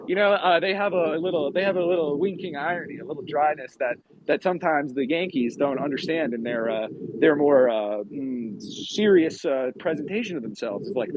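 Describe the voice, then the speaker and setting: A man from New England, talking casually in a rambling, profane, animated way. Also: on the high side, normal speed, hardly any pauses, dull audio, background noise. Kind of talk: casual chat.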